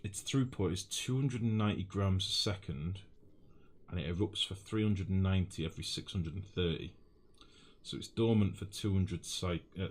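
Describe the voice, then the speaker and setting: Husky northern English man streaming a game. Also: sits low, darkish tone. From northwest England. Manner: thinks aloud, chats with chat, calls people mate. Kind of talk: live-stream gameplay chat with viewers.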